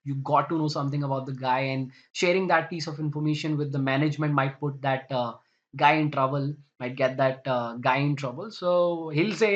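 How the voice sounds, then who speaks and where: A man's voice: fairly high pitch, steady tone, fairly quick, muffled recording. A young man energetically explaining phrases in a vocabulary lesson. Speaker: English teacher.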